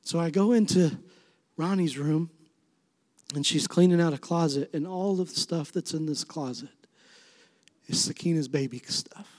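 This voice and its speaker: A middle-aged man preaching a sermon as pastor, swinging between soft, tender passages and emphatic, rising appeals. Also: a little high, normal speed, long pauses. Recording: long reverb of a large hall.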